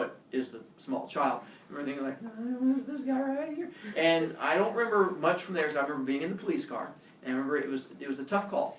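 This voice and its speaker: A male teacher telling a personal story to his class in a lively way, acting out scenes with shouts and voices. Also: a little high, a little hiss or hum. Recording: echoey room, mic far off.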